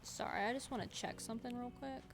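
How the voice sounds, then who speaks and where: A woman's voice: on the high side, steady tone, quick pace, noisy background. A young woman chatting casually on a gaming stream, giggly and reading chat aloud. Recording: game music clearly heard behind. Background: game music.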